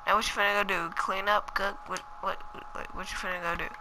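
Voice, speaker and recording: A woman's voice: mid-range voice, level tone, fairly quick, noisy background. A woman giving casual, slangy gameplay commentary, chatting to viewers and muttering asides to herself as she plays. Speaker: gaming channel host.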